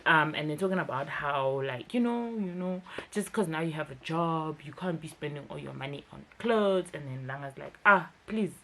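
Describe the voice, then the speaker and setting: A woman's voice: deep voice, normal speed, few pauses, a little hiss or hum. Emphatic woman vlogging. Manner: emphatic and chatty, with frequent fillers. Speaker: TV series reviewer. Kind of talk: casual commentary vlog.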